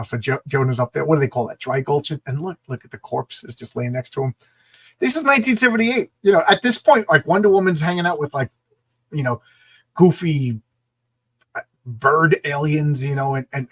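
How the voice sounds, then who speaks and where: A man's voice: medium pitch, moderate pace, fairly bright tone, breathy edge. A man hosting a casual comic book show, enthusiastically reading and rambling over old panels. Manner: enthusiastic, rambling, laughs and restarts often.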